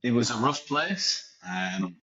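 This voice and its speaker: A man's voice: medium pitch, big pitch swings, slow, bright, forceful tone, slightly rough, lo-fi sound, full character voice. A man voicing a boastful fake French football star, with a put-on French accent that slips into Yorkshire and a pompous, crude manner. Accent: put-on French accent slipping into Yorkshire. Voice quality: pompous, crude, self-satisfied bragging. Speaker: podcast co-host doing an impression.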